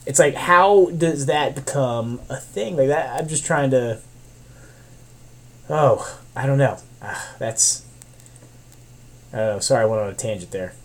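A young man co-hosting a casual podcast, telling stories in an animated, profane, rambling way with big exaggerated groans. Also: mid-range voice, measured pace, long pauses. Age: young adult. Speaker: podcast co-host. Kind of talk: casual chat.

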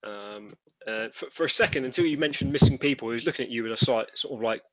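A man narrating a tabletop game as game master, relaxed and full of fillers. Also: medium pitch, fast, rough recording. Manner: relaxed, many fillers and restarts.

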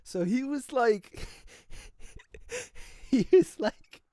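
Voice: sits high, sing-song, drawn-out words, dark tone, no echo, studio quality. Rambling, laughing young American storyteller. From United States. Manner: rambling, laughs often, drifts off topic. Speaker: vlogger. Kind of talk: casual storytelling monologue.

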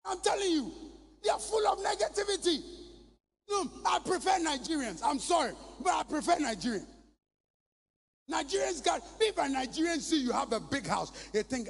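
A Ghanaian man preaching a sermon with impassioned, shouted bursts. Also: very high-pitched, animated, moderate pace, vocal fry. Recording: long reverb in a large hall.

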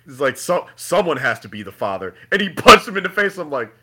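A man co-hosting a podcast in casual chat, profane and animated, acting out scenes with laughter. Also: fairly high pitch, fairly quick, slightly rough. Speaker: podcast co-host.

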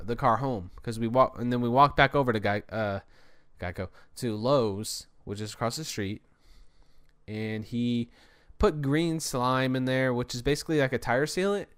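A man's voice: medium pitch, a bit bright, clear, resonant tone. A young man hosting a podcast, telling a long story in a rambling, breathless way, tired after a hard day. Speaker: podcast host. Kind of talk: casual solo storytelling.

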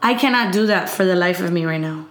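Brief: lively mom storyteller, mid pitch, chatty, echoey room. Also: female voice, fast talker. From Miami. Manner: animated storyteller, acts out quotes, laughs, code-switches to Spanish. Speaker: podcast co-host, mother. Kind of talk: casual chat.

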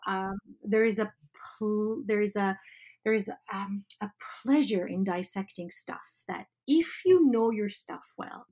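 A woman teacher speaking in an animated, emphatic way in a conversational interview. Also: mid-range voice. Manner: animated, emphatic, quick asides with laughs. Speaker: teacher educator guest.

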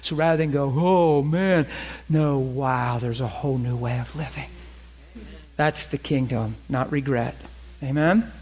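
A man's voice: mid-range voice, measured pace, a little mellow, slightly rough. A middle-aged man preaching a sermon in a conversational way, acting out quotes from his own story.

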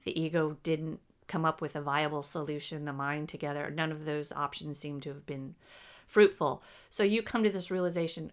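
A woman channeling spiritual teaching, speaking as a collective "we" in a measured, explanatory way. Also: low-pitched, steady tone.

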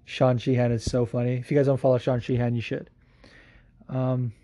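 A man's voice: mid-range voice, little pitch movement, moderate pace, dark tone. A man hosting a solo podcast, chatting casually, rambling and swearing a lot, laughing often. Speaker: podcast host.

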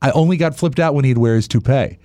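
A man's voice: mid-range voice, quick pace, warm tone, dry recording. A man co-hosting a casual talk show, telling a wry family story. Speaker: co-host.

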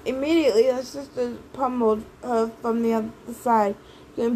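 Woman reading an audiobook, high voice, faint hiss. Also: steady tone, moderate pace, warm tone, rough recording. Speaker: audiobook reader. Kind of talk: audiobook narration.

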